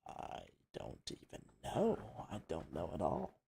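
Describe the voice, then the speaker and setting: A man's voice: sits low, wildly swooping pitch, unhurried, vocal fry, mellow, husky. A man on a casual livestream, reading a text game aloud and typing commands, swearing now and then. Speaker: streamer.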